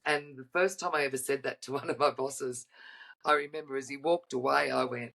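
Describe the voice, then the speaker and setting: A woman's voice: very deep voice, steady tone, fairly quick, gravelly, a bit bright. A woman in casual chat, talking bluntly and straight about standing up for herself at work.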